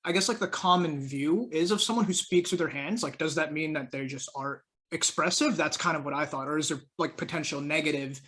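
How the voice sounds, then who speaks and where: A young man with a fairly high, bright-edged voice banters on a podcast. His teasing is dry and relaxed. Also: a little fast, hardly any pauses. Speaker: podcast co-host. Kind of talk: casual chat.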